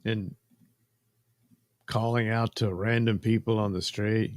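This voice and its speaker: A man's voice: on the low side, steady tone, takes it slowly, no echo. A man hosting a casual commentary while coloring drawings, rambling and sardonic, trailing off into fillers. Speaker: host.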